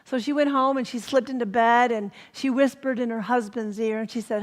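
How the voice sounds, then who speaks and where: A woman reverend giving a sermon, telling stories gently and sometimes dropping to a whisper for emphasis. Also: on the high side, steady tone, a little fast, few pauses, long reverb tail. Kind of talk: sermon storytelling. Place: spiritual center hall.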